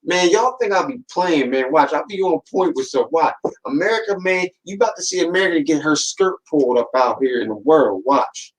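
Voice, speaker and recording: A man hosts a podcast in a loose, unscripted monologue. His voice sits a little on the high side, and his delivery is slangy and streetwise. He keeps pressing the listener with a repeated "man" and "watch". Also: animated, brisk, few pauses, rough recording. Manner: slangy, streetwise storytelling that acts out quoted voices. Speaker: podcast host.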